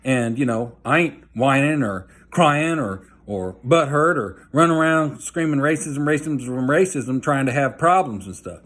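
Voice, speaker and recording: A man's voice: mid-range voice, animated, measured pace, hardly any pauses, fairly bright tone. Guy telling his own story, blunt and folksy, average voice, lots of "you know". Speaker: vlogger telling a personal story. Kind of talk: casual storytelling monologue.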